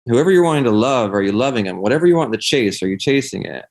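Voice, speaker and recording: A man's voice: mid-range voice, lively intonation, fast, darkish tone. A young adult man talking casually as a podcast guest, rambling and swearing a lot, filling his talk with "like.". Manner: rambling, profane, heavy use of "like". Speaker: podcast guest, singer and life coach. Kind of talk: casual conversation.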